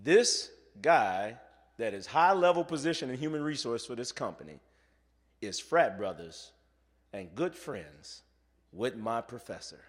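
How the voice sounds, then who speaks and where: A man giving a motivational keynote speech, telling a story and acting out the voices of the people in it, going from soft to loud. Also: mid-range voice, sing-song, unhurried, long reverb tail. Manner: acts out quoted voices. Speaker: motivational speaker.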